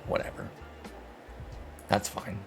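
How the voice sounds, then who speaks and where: A man giving casual, excitable commentary while playing a sports video game, talking to his viewers and mocking himself. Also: slow, soft background music. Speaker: gaming video host.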